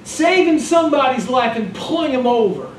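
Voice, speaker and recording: A man preaching a sermon as pastor, animated and joking in a conversational way. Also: very high-pitched, moderate pace, a little hiss or hum. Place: church sanctuary. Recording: echoey room from far off.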